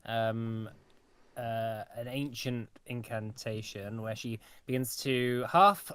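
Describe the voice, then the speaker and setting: A man narrating a tabletop game as game master, with many pauses and fillers. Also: mid-range voice, steady tone, a bit bright, smooth.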